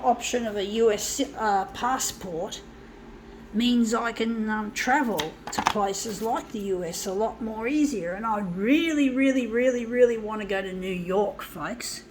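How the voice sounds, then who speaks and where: A woman's voice: on the high side, a little mellow, slight background noise, poor audio. A woman, rambling chattily to viewers as she crafts at home and calling them "folks". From Guam. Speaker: vlogger. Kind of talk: casual crafting vlog. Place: home lounge room with a fan.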